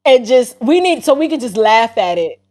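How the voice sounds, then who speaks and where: A woman's voice: on the high side, big pitch swings, moderate pace, a little mellow. Giddy laughing woman livestreamer. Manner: laughing hard, giddy, breaking up. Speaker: livestream host. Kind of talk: casual livestream chat.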